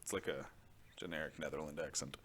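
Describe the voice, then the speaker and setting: A man's voice: a bass voice, fairly even intonation, fast, a bit bright, slight background noise. A young man hosting a podcast, talking in casual chat that rambles with many fillers and frequent laughs. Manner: rambling, full of "like", laughs often. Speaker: podcast host.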